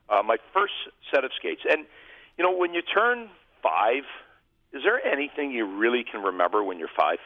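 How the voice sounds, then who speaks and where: A man's voice: mid-range voice, sing-song, normal speed, no echo. A man, a former hockey goalie, telling humorous, self-deprecating stories as a guest in a casual interview. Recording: tinny phone-like line.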